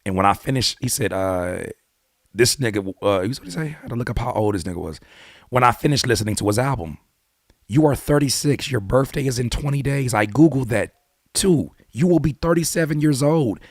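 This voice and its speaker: A man hosting his own channel, giving blunt, animated hip-hop commentary full of rhetorical questions and casual swearing. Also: mid-range voice, fairly quick, dry recording, clean studio sound. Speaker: YouTube host and rapper. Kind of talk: opinionated music commentary.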